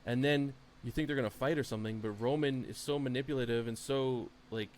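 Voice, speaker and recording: A man's voice: medium pitch, steady tone, a little fast, a little mellow, a little hiss or hum. Rambling, enthusiastic man on a podcast. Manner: rambling and enthusiastic, lots of fillers. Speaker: podcast co-host. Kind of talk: casual chat.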